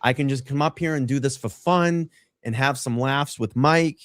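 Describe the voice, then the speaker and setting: A man's voice: medium pitch, normal speed, no room sound. Brash, profane man on a stream. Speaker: co-host. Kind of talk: casual streaming chat. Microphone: streaming mic.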